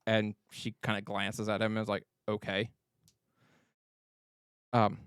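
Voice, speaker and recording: A man voicing a blunt teenage girl warrior who answers in flat, curt replies. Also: on the low side, a little slow, smooth, no echo, clean studio sound, pitched below the performer's own voice. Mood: unimpressed.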